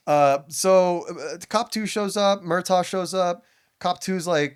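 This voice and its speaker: A man's voice: high voice, slow, clean tone. A man co-hosting a casual podcast, recapping a movie plot and swearing freely. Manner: swearing, acting out scenes in quotes. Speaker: podcast co-host.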